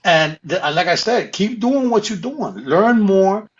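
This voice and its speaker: A man's voice: high-pitched, lively intonation, unhurried, highs cut off. A man in casual podcast chat giving earnest advice, repeating his phrases for emphasis.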